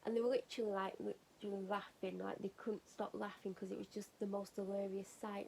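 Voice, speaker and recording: Chatty woman with a gravelly edge. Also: mid-range voice, little pitch movement, brisk, hardly any pauses, darkish tone, a little hiss or hum, poor audio. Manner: chatty, rambling, laughing at her own story. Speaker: vlogger. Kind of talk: casual chatty storytelling. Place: at home getting ready for bed.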